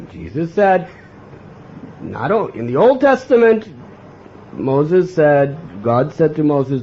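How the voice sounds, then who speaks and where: The American lecturer's voice is medium in pitch and warm, with a little hiss or hum on the dull, lo-fi recording and some faint ambience. Earnest in his devotional teaching, he regularly turns to the audience with "huh?".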